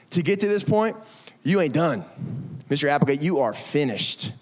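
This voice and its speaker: A young man preaching a lively, conversational sermon to middle schoolers, acting out quotes and saying y'all. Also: a little high, moderate pace. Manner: animated, conversational, says y'all, acts out quotes. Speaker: youth pastor. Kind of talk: youth sermon.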